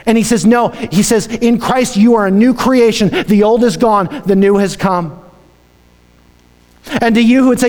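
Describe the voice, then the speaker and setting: A male pastor preaching a dramatic sermon, swinging from hushed lines to shouted ones. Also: sits high, moderate pace, big-room sound.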